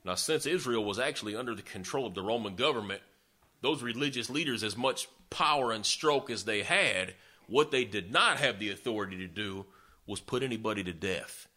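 Forceful, low-voiced preacher telling a story. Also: male voice, animated, a little fast. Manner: folksy, conversational retelling with sarcastic asides. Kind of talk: sermon storytelling.

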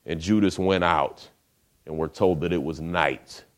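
A man's voice: low-pitched, steady tone, unhurried. A man preaching a sermon, retelling a scripture story in a casual storytelling way with rhetorical questions.

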